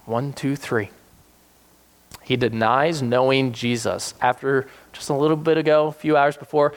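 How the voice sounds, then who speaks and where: A man preaching a sermon, retelling scripture with animated acted-out voices for the people in the story. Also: unhurried. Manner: animated, acts out quoted characters with sudden high-pitched voices. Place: South Jersey church.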